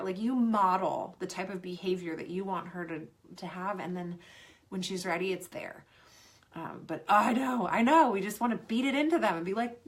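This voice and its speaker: A woman performance coach in her thirties answering questions in a casual, encouraging live Q&A. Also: medium pitch. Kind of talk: live Q&A talk.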